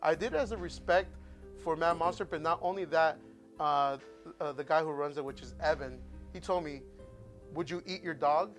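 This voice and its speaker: A man's voice: on the high side, moderate pace, a bit bright, faint music behind. A man on a casual podcast chat, telling rambling, profane stories and acting out the voices of people in them. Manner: profane storytelling, acts out voices. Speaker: guest.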